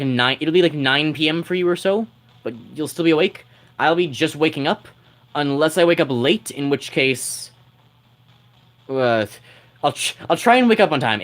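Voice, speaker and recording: A man's voice: a little high, a bit bright. A man chatting with his livestream audience in a teasing, rambling way, laughing often. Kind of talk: casual livestream chat.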